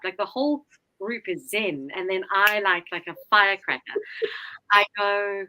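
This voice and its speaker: A woman telling a story in a casual talk, lively and animated, swearing freely and acting out what people said. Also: mid-range voice, normal speed, poor audio. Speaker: guest, Enneagram teacher.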